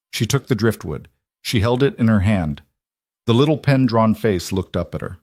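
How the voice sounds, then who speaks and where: A man narrating a scripted story in a measured, even storytelling manner. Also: lowish voice, no room sound, studio quality.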